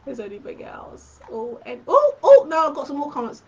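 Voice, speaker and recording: A woman hosts a quilting live stream in a casual, chatty way and talks fondly to her viewers. Her voice sits a bit higher than most women's. The sound is dull and lo-fi, like stream audio. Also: a little fast, slightly rough. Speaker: quilting tutorial host.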